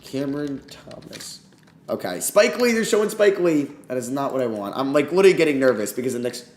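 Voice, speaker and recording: A man streaming a live reaction, excitable and emotional, swearing when things go wrong. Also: medium pitch, a little fast, a little hiss or hum. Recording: echoey room.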